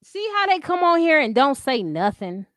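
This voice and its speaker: Profane, combative woman streamer, high voice. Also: very animated, normal speed, a bit bright, dry recording, clean studio sound. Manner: profane, combative, talks to her chat. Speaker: livestream host. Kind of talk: heated casual commentary.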